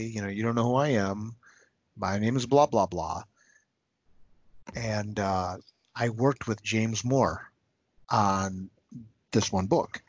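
A man's voice: fairly low pitch, no room sound. A man guest on a podcast, talking in a casual, earnest, heartfelt way with many restarts, choked up with emotion. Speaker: podcast guest, comics writer. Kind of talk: casual interview talk. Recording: slightly muffled dry podcast audio.

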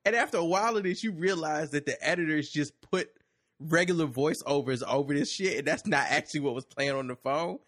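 A man's voice: a little high, brisk, no room sound, clean studio sound. A man co-hosting a podcast in casual comedic chat, riffing and laughing often. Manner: animated, laughs often, riffs on bits. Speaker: podcast co-host.

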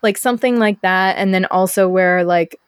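A woman's voice: mid-range voice, normal speed, clear, resonant tone, dry recording, clean studio sound. A young woman, a podcast guest, telling a personal story in casual chat and acting out the people in it. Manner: animated, acts out quoted people.

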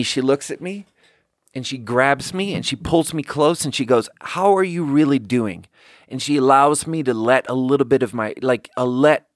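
Male podcast host, chatty storyteller, acts out the dialogue, mid-pitched, dry room. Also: no room sound. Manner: animated, acts out quoted dialogue; rambling with frequent "like" fillers. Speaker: podcast host and bar manager. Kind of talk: casual storytelling.

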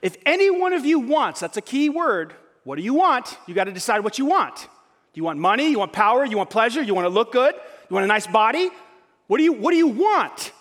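A man's voice: high voice, very animated, a little fast, a bit bright. A male pastor preaching a sermon, firing rhetorical questions at his congregation. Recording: long hall reverb.

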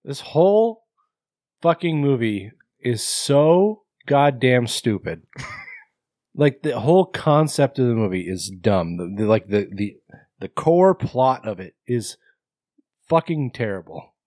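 A man's voice: mid-range voice, very animated, slow pace, a little mellow, dry recording, studio quality. Blunt, sweary podcast guy. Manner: blunt, swears a lot, mocking. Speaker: podcast co-host. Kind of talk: casual movie review chat.

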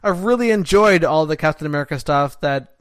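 A man's voice: fairly high pitch, expressive, brisk, a bit bright, dry recording. A Canadian man co-hosting a podcast in casual, rambling chat, full of "like" and restarts. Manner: rambling, self-interrupting, frequent "like". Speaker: podcast co-host.

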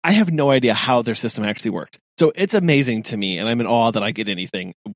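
A man co-hosting a podcast, chatting casually in an animated way with frequent laughs and restarts. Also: mid-range voice, fast talker, no room sound, clean studio sound. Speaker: podcast co-host.

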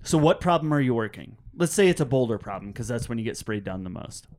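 A man's voice: medium pitch, animated, fast, a little mellow. A young man hosting a casual podcast chat, rambling and sweary, often laughing. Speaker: podcast host.

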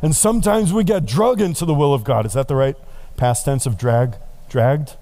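A middle-aged man preaching from the pulpit tells his story animatedly, sprinkling in playful remarks, with a mid-range voice that moves fairly quickly.

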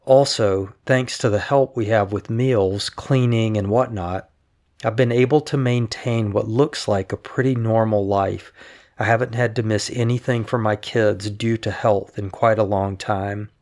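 A man with a somewhat low voice and a lot of gravelly fry reads written words aloud. His delivery is calm and measured, like a husband sharing his wife's letters. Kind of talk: reading written updates aloud.

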